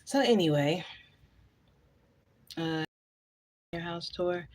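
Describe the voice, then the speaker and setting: A woman's voice: low-pitched, unhurried. A woman, chatting casually on a live stream, reading out viewer comments and answering them bluntly.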